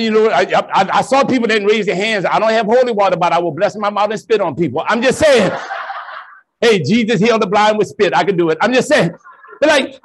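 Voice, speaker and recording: A man who is a Catholic priest, giving a joking, animated storytelling talk to an audience of educators. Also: high-pitched. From New Orleans. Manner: animated, joking, plays to the crowd.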